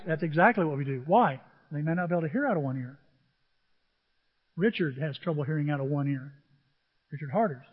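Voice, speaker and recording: A middle-aged man preaching a sermon as pastor, animated, swinging between shouting and near-whispers, with a husky voice. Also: on the high side, brisk, pauses often. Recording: dull, hall reverb.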